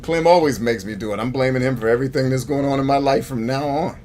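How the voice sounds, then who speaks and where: A man's voice: medium pitch, fast talker, darkish tone, soft background music. A man hosting a gameplay stream, joking, rambling and talking to his chat. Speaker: gaming streamer host. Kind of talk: casual gameplay commentary.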